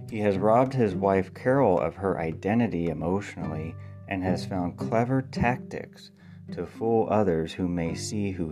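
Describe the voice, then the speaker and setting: A man, a playwright, talking casually about his play, thinking aloud with ums and spelling words out letter by letter. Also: low-pitched. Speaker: playwright and podcast host. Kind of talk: casual spoken monologue.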